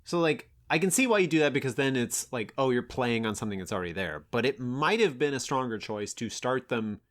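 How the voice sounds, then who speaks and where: Man, lively pitch, casual podcast chat, thoughtful, hedging delivery. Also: brisk. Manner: thoughtful, hedging, self-correcting. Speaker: podcast co-host.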